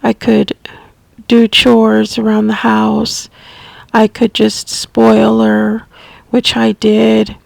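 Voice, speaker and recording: A woman telling a personal story as a caregiver, unscripted, halting and restarting often. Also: a little high, completely flat delivery, gravelly, dry recording. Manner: halting, with frequent restarts and soft asides. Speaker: family caregiver sharing memories.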